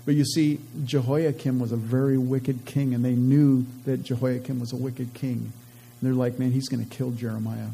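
A man with a very dark, mellow voice and a husky edge reads scripture aloud and then talks it through casually as a Bible teacher. He often restarts mid-sentence as he explains each passage. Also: medium pitch, flat delivery, moderate pace, poor audio. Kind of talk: scripture reading with casual commentary.

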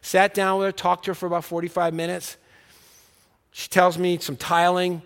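A man preaching a sermon, telling his own story and acting out the dialogue, earnest and dropping soft on key words. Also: sits high, flat delivery, normal speed, clear, resonant tone, in a large hall. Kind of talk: sermon with personal testimony.

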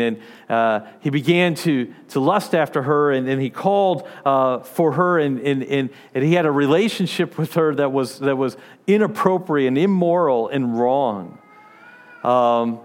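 Earnest man preaching, slightly high voice. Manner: earnest, repeats words while searching for phrasing. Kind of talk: conversational sermon with scripture reading.

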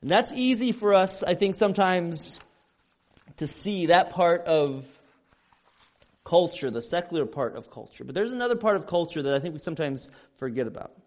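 A man's voice: fairly high pitch, lively intonation, moderate pace, darkish tone. A man from Illinois preaching a sermon as pastor, earnest and emphatic, repeating his points.

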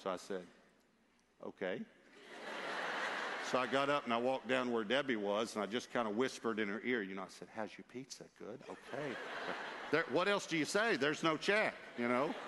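A male preacher telling a personal story in an emphatic, lively way, with asides to his listeners, in a church. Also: mid-range voice, fast, hardly any pauses, background noise. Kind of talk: storytelling sermon. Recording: long reverb of a large hall.

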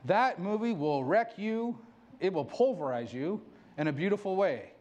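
A man's voice: high voice, expressive, normal speed, a little mellow, lo-fi sound. A middle-aged man preaching a sermon, candid and self-mocking, laughing often. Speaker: pastor.

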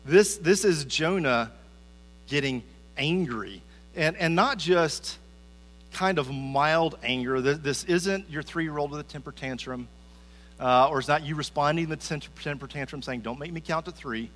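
A man's voice: fairly high pitch, measured pace, a bit bright. A man giving a conversational sermon as a pastor, often repeating his first word as he starts a sentence. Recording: reverberant hall with faint mains hum.

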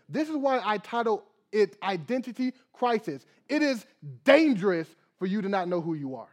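A young man preaching a sermon as pastor, reading scripture, praying, and acting out little dialogues with lively energy. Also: sits high, moderate pace, few pauses. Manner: animated preaching with acted dialogue and prayer.

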